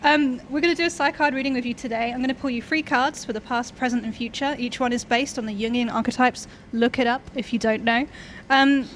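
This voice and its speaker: Female podcast host, slightly high voice, chatty, fillers, street noise clearly heard behind. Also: fairly even intonation. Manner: chatty, lots of fillers, slower when reading. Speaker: podcast host and card reader. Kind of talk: casual interview and reading aloud. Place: outdoors in the cold. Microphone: handheld microphone.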